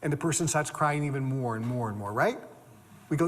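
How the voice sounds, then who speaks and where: A man giving a motivational talk, emphatic and animated, repeating phrases for stress. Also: mid-range voice, brisk, long reverb tail. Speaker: motivational speaker.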